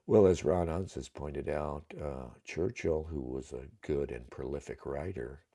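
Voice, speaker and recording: A man's voice: a bass voice, a little slow, mellow, slightly rough. A man hosting a livestream, talking in a rambling, casual way, with many fillers and much cursing. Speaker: livestream host.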